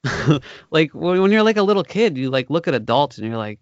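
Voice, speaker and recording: A man co-hosting a podcast rambles through animated stories, leaning on filler words and jumping up in pitch when he gets excited. His middle-pitched voice comes through dry and a little dull, with no room sound. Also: fairly quick, smooth, no room sound. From Ohio. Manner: rambling, lots of "like", animated storytelling. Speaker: podcast co-host. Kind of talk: casual podcast chat.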